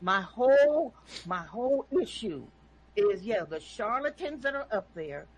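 A woman speaks with a husky, slightly rough voice. She pushes her points hard in a preachy, emphatic way and keeps tacking "okay?" onto her sentences. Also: fairly high pitch, sing-song, measured pace, poor audio. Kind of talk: impassioned opinion talk.

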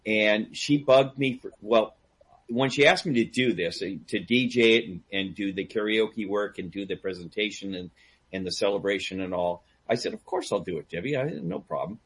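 A man telling a long story in casual chat, animated and laughing, acting out the people he quotes. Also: lowish voice, moderate pace, breathy edge. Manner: animated, acts out quoted voices, laughs a lot. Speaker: guest storyteller; DJ and karaoke host. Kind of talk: casual storytelling on a call-in talk show.

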